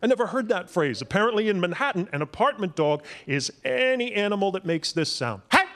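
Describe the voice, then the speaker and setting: High-voiced wry stand-up comic. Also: male voice, sing-song, fairly quick. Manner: wry, punchy delivery with shouted impressions. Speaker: stand-up comedian. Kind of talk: stand-up comedy set. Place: comedy club stage.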